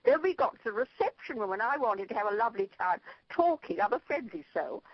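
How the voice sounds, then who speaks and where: Older Irish woman, rambling storyteller, bouncy sing-song pitch, dull phone-line sound. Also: fairly quick, slightly rough. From Ireland. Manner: lively, rambling storyteller who laughs at her own tales. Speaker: interview guest, spiritual leader. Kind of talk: anecdotal storytelling in an interview.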